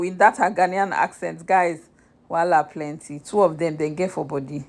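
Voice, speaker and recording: A woman's voice: on the low side, steady tone, a little fast. A young Nigerian woman vlogging a chatty, exasperated recap of a reality show straight to her viewers.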